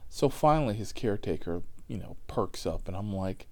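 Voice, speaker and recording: A man's voice: on the low side, animated, normal speed, hardly any pauses. A middle-aged man hosting a podcast, telling a profane comedic story in an exasperated way, with whispered asides. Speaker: podcast host.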